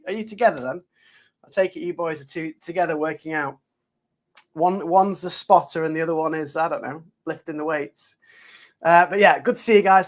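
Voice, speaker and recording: A male geography teacher with a Yorkshire accent, chatting casually and upbeat to students on a live stream, full of fillers and restarts. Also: fairly high pitch.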